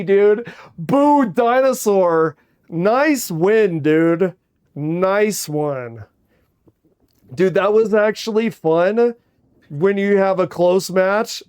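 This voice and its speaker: A man streaming a card game live, chatting casually to viewers and reacting loudly, with swearing and groans that swing up into shouts. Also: high voice, clean tone.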